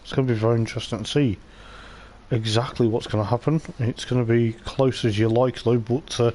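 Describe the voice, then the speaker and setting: Over the clear roar of race cars in the game, a man offers rambling, conversational live commentary on an online league race. His mid-range voice is steady and somewhat dark, and he talks fairly quickly.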